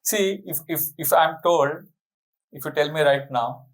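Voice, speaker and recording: A man giving a storytelling sermon, lively, asking the audience rhetorical questions. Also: on the high side, moderate pace, poor audio. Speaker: spiritual speaker.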